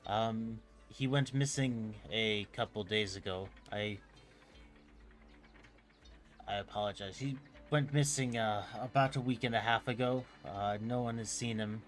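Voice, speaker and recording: A man voicing an elderly woman shopkeeper, worried and weary, talking haltingly with many pauses and fillers. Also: fairly low pitch, steady tone, soft background music, pitched below the performer's own voice, close to an everyday voice.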